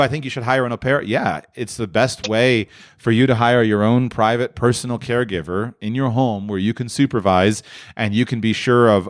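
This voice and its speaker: Guy hosting a call-in show, lowish voice, dry close sound, talks in restarts. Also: dry recording. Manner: opinionated, laughing asides, frequent restarts. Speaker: host. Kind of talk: call-in Q&A answers.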